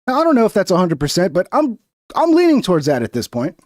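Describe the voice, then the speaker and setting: Host type: high-voiced man, profane and sarcastic, dry close sound. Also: wildly swooping pitch, fast talker, darkish tone, no room sound. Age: 30s or older. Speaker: reaction show host. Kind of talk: profane political reaction commentary.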